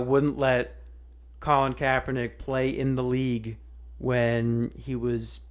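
A man hosting a podcast, ranting in a casual, sarcastic way with lots of swearing and restarts. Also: mid-range voice. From United States. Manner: profane, sarcastic, rambling with restarts. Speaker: podcast host. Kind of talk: casual comedic rant.

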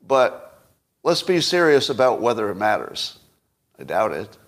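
A man's voice: fairly low pitch, very animated, measured pace. A man hosting his own podcast, giving solo political commentary in a wry, skeptical way, full of rhetorical questions and dry chuckles. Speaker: podcast host.

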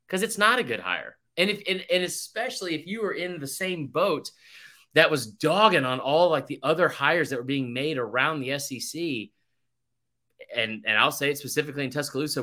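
A man's voice: fairly high pitch, pushed and bright. A young man co-hosting a sports podcast, rambling through stories and swearing freely as he chats. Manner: rambling, swears a lot, tells stories with quoted voices. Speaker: podcast co-host. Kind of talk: casual sports podcast chat.

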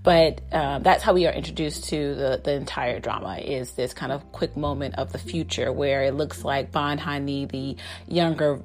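A woman's voice: a bass voice, moderate pace, darkish tone, faint music behind. A woman casually recapping a TV drama, chatty, full of fillers and restarts, often laughing. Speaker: drama reviewer.

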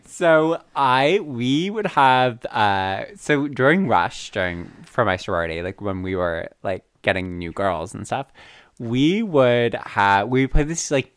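A man's voice: medium pitch, expressive, takes it slowly, a bit bright, clear, resonant tone, no room sound. A man co-hosting a podcast in casual chat, giggly and full of filler words. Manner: chatty, giggly, lots of fillers. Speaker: podcast co-host.

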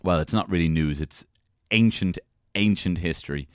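A man's voice: sits low, moderate pace, smooth, no room sound, clean studio sound. A man co-hosting a comedy podcast, joking and rambling in casual chat. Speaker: podcast co-host.

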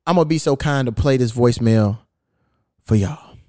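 A man hosts a podcast, telling a story in casual conversation, swearing freely and reading messages aloud with amusement. His voice is mid-range, normal in speed, and a little mellow, recorded dry at studio quality.

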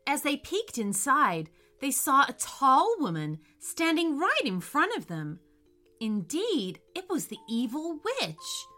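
Slow, expressive woman storyteller. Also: fairly high pitch. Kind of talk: children's story narration.

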